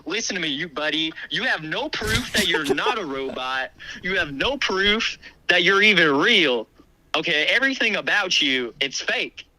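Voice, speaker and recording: A man's voice: sits high, animated, normal speed, bright, forceful tone, rough recording. A man calling in to a comedy podcast to insult the hosts, in aggressive, taunting, profane trash-talk. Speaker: caller insulting the show.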